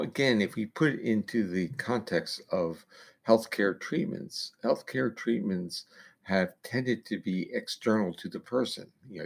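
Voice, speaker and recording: A man's voice: lowish voice, gravelly. A man guest on an interview, giving long explanations of research in a lecturing way with casual fillers. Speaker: neuroscientist guest.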